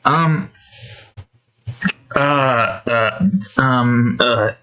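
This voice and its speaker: A man's voice: mid-range voice, drawn-out words, sharp tone, clear, resonant tone, rough recording. A man giving casual, rambling commentary while he draws. He breaks off often with fillers and restarts. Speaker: artist and video creator.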